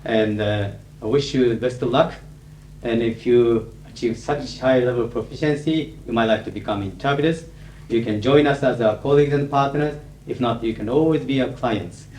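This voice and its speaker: A man's voice: medium pitch, moderate pace, darkish tone. A middle-aged Japanese man speaking English with a Japanese accent, giving a humorous, anecdotal lecture as a conference interpreter, with frequent uh fillers. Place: lecture hall with audience. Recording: echoey hall, faint hiss, 1980s tape.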